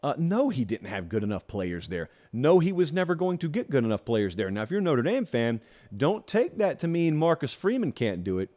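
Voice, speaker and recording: A man's voice: medium pitch, very animated, a little fast, dark tone. A man hosting a college football talk show, delivering an emphatic, opinionated monologue with sarcastic asides.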